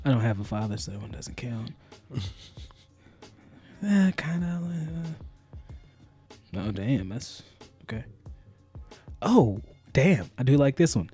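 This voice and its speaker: A man's voice: medium pitch, takes it slowly, pauses often, faint music behind. A man co-hosting a podcast in casual chat, joking and swearing freely. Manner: joking, profane, animated. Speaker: podcast co-host.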